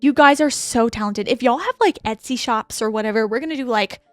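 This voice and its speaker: Casting: fairly high-voiced woman, enthusiastic co-host, lots of "like", dry studio sound. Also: a little fast, no echo, soft background music. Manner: warm and enthusiastic, many fillers like "like". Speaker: podcast co-host. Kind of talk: casual chat, reading listener letters aloud.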